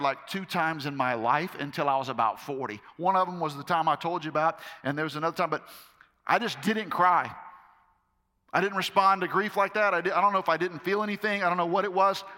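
Bright high-voiced middle-aged male pastor. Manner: conversational, emphatic preaching with repetitions. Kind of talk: sermon. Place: large hall with a live audience. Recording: echoey hall reverb.

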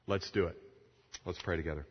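Storytelling preacher in an echoing hall. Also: male voice, low-pitched, a little fast, breathy edge. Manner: animated storytelling, acting out the dialogue. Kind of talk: sermon to pastors. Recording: lo-fi sound in a long-echo hall.

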